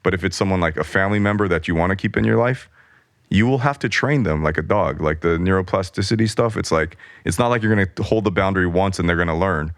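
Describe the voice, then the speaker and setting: This guest, a middle-aged artist on an interview podcast, talks fast in a low voice as he tells a candid story from his life. He rambles and breaks into his own sentences, voicing the other people in it. The studio sound is clean and dry.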